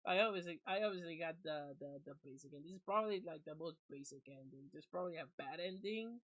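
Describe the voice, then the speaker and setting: Excitable slangy male game streamer. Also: on the high side, quick pace, dry recording, rough recording. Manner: excitable, slangy, exclaiming, switches between English and Spanish. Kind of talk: casual gameplay reaction chat.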